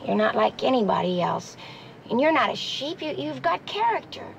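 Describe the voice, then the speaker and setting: A woman's voice: on the high side, very animated, normal speed, creaky. An actress playing a cheerful, doting suburban wife and mother with a sweet, fussing manner, in a 1960s film comedy. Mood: tender. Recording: old film soundtrack with hiss.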